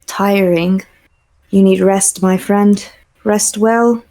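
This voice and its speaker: A woman streamer in a relaxed, unhurried chat with her viewers. She talks in a playful, teasing way and drifts into silly improvised bits between game moments. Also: mid-range voice. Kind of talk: casual gaming stream chat.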